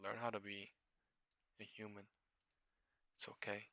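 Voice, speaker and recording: A man's voice: on the low side, monotone, unhurried, pushed and bright, dry recording. A young man hosting a live trading stream, swearing freely and mocking viewers in chat. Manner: profane, mocking, reacts to chat. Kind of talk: casual livestream commentary.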